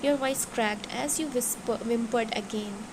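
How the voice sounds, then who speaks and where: A woman narrating a second-person fan fiction story in an earnest, steady reading voice with small slips, over background noise. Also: on the high side, normal speed.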